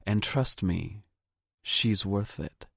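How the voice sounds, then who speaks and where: A man's voice: on the low side, slow pace, creaky, fairly bright tone, breathy edge, dry recording, studio quality, exaggerated voice. A man voicing a stubborn teasing young woman. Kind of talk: audiobook character voice.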